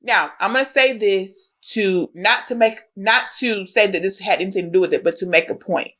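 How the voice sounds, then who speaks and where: A woman's voice: mid-range voice, moderate pace, a bit bright. A pregnant woman co-hosting a podcast, telling a story in casual chat and acting out the voices of the people in it. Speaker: podcast co-host.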